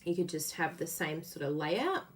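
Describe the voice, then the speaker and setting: Warm-hearted craft host: woman, lowish voice, bouncy delivery, laughs easily. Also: sing-song, normal speed, slight background noise. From Australia. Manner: chatty, laughs often, explains while working. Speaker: card-making host. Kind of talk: casual live craft demo.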